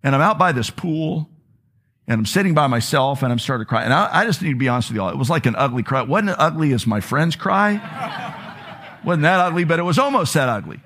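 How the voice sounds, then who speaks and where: A man's voice: a little high, animated, fast, a bit bright. A man preaching a sermon to a congregation, telling a personal story in an earnest, confessional way. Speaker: pastor.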